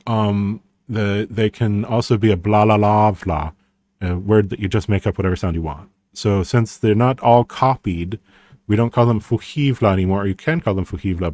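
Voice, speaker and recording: A low-pitched man thinks aloud as he pages through an old language book, restarting his sentences and hedging with a wry, easygoing manner. The sound is dry and close, with no room around it. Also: a little mellow, dry recording. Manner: rambling, many restarts and fillers, wry. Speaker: language commentator. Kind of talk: casual unscripted commentary reading through a book.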